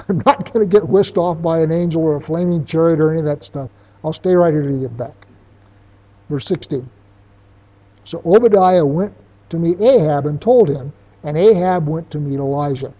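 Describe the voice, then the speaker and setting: A man's voice: on the high side, animated, a little slow, pauses often, warm tone, husky. A man teaching a Bible lesson, who reads verses aloud and then explains them in casual everyday words. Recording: dull lo-fi recording.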